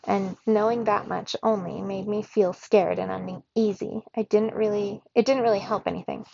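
A woman reading a children's novel aloud in the first person, expressive, giving the characters their own voices. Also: medium pitch, normal speed, creaky, husky, dry recording. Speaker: reader. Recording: dull lo-fi recording in a dry room.

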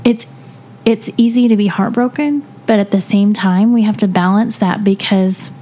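A woman co-hosting a faith discussion, reflective, slow and earnest. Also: medium pitch, dark tone.

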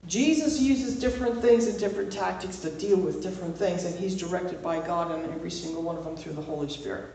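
A woman's voice: lowish voice, quick pace, creaky, mellow, slight background noise. A woman leading an informal Bible study, talking conversationally and checking in with her listeners with a frequent "okay?". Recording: very echoey room, voice far from mic.

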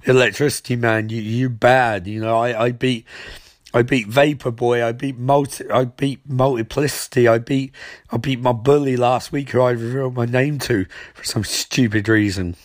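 A man's voice: medium pitch, steady tone, normal speed, dry recording, close to an everyday voice. A man voicing an earnest young male superhero who brags and stammers, close to his own voice. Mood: boastful. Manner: stammering, boastful.

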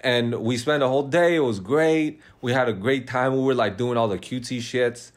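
A man's voice: medium pitch, normal speed. A young man in casual chat, rambling and cursing as he tells dating stories, laughing often. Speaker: podcast host telling dating stories.

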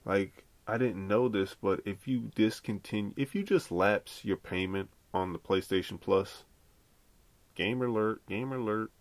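A man's voice: on the low side, a little slow, dry recording. A man hosting a podcast on his own, talking in a loose, rambling way and swearing freely. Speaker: podcast host. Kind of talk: casual solo podcast chat.

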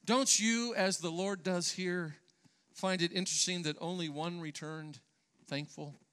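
A man's voice: high voice, steady tone, measured pace, fairly bright tone, clean tone. A man preaching a sermon in church, earnest and emphatic, sometimes restarting his phrases. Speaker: pastor.

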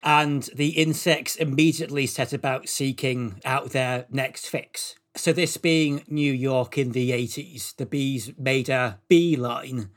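A man presenting a comedic podcast, reading absurd made-up facts in a deadpan, matter-of-fact way. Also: medium pitch, slow, few pauses.

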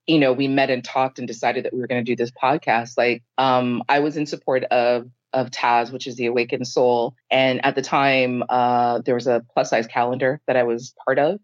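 A woman's voice: rumbling low, no echo. Woman podcast co-host, chatty and emotional, dry lo-fi sound. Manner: emotional, rambling, lively storytelling. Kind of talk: casual podcast chat.

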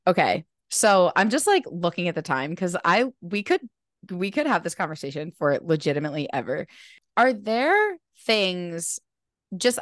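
A woman's voice: lowish voice, a bit bright, no room sound, clean studio sound. A woman hosting a podcast interview, chatty and affirming as she responds and asks questions. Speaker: podcast host. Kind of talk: casual conversational interview.

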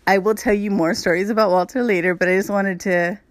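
A woman's voice: medium pitch, fairly even intonation, fairly quick, no room sound. A woman hosts her podcast and tells a personal story in a loose, candid way, speaking straight to her listeners. Her voice sits in a middle register. The recording is dry, with no room sound. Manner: candid, chatty, addresses listeners as "you guys"; frequent "like" fillers. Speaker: podcast host. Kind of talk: casual storytelling monologue.

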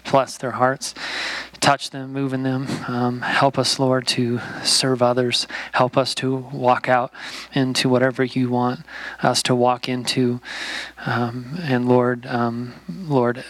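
A male pastor speaks in a steady voice with little rise and fall. He is relaxed and self-deprecating, then sincere as he leads a closing prayer. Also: medium pitch.

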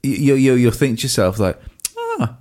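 A man's voice: mid-range voice, fairly quick. A man co-hosting a podcast, joking and rambling in casual chat. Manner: joking, rambling with restarts, lively delivery.

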